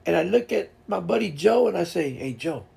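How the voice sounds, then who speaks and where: A man's voice: high-pitched, fairly quick, vocal fry, darkish tone. A man hosting a casual chat stream, telling rambling fishing stories with lots of restarts and laughter. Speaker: streamer host.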